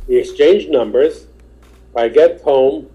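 Dark-voiced man telling comedy stories. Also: mid-range voice, takes it slowly, lo-fi sound. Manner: rambling, acts out quoted voices. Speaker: stand-up comedian, podcast guest. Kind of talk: casual anecdotal storytelling.

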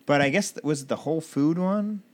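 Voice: mid-range voice, a little fast, a little mellow. A podcast co-host in a casual chat, easygoing and joking, often laughing.

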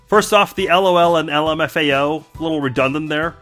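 A man from Iran hosts a podcast, reacting casually and wryly to mean comments and using frequent filler words. His fairly high, fairly bright voice moves fast with hardly any pauses, and soft music plays in the background.

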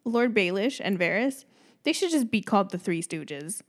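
A woman's voice: mid-range voice, lively intonation, normal speed. A young woman co-hosting a casual podcast chat about a TV episode. She is chatty, laughs easily and acts out characters' lines. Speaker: podcast co-host.

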